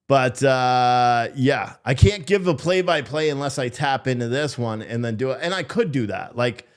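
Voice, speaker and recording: A man's voice: medium pitch, moderate pace. A man hosting a live stream, chatting casually and sarcastically with his viewers and swearing freely.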